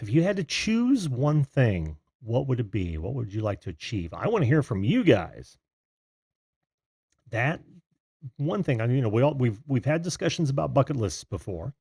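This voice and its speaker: A man with a gravelly, husky voice hosts a live video call-in show. His pitch moves a lot as he chats, full of fillers and friendly shout-outs. The sound is dry and close over a video call. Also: dry recording. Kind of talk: casual live-stream chat.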